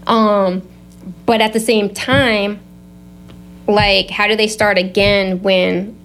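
A woman speaking as an interview guest, talking fast and acting out quotes. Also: mid-range voice, a little hiss or hum. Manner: fast, animated, acts out voices. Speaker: guest, nonprofit founder. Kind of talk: casual interview chat.

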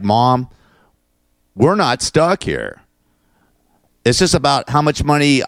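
A man's voice: on the low side, clear, resonant tone, dry recording, studio quality. A man hosting his own radio-style show, ranting in a profane, meandering way. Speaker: host.

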